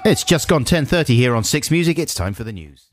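A man's voice: medium pitch, fairly quick, dry recording. A man hosting a radio show, playful and silly, bantering with his co-host. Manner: giggly, silly, lively. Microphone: studio microphone. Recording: dry studio sound.

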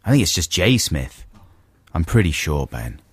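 A man's voice: low voice, very animated, normal speed, husky. A man hosting a radio show, chatting in a playful, teasing way in a studio. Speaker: radio host. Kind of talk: casual radio banter. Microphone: studio mic.

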